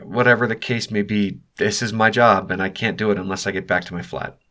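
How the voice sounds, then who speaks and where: A man's voice: lowish voice, fairly even intonation, fairly quick, pushed and bright. Man voicing a careful young intern. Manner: careful, conciliatory. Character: young male graduate intern, careful mediator.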